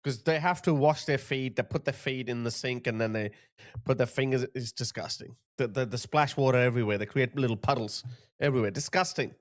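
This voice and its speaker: A man in his thirties hosts a reaction commentary at a medium pitch and fairly quick pace. He talks mockingly, putting on the voices of the people he describes.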